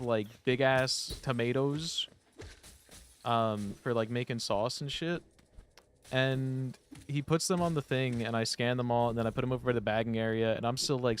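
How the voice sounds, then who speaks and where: A man's voice: medium pitch, slight background noise. A young man streaming a game, telling stories in a rambling, profane way, full of "like". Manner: rambling, profane, heavy use of "like". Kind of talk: casual storytelling while playing a game.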